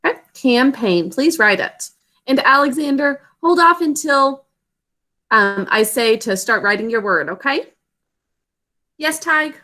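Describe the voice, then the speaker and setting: A woman's voice: high-pitched, animated, a little slow, long pauses, pushed and bright. A woman teacher giving a spelling lesson to children over a video call, patiently sounding out words and syllables.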